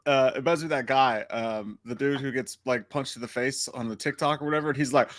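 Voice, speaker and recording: A man's voice: medium pitch, quick pace, a bit bright. A man co-hosting a movie livestream, playfully reading viewer messages and trading jokes. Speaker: co-host of a movie talk livestream. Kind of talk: casual chat.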